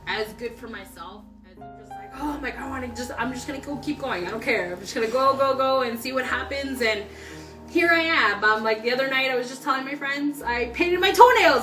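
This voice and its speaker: A young woman telling her story in a casual interview, chatty and excitable, laughing often. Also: high-pitched, fairly quick, far from the mic. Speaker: customer giving a testimonial. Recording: roomy sound from off-mic with background music.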